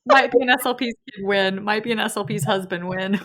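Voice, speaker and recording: Speaking a little fast in a mid-range voice, this woman in her thirties runs a podcast from her kitchen table against a noisy background. She keeps the interview relaxed, gushing and giggling frequently.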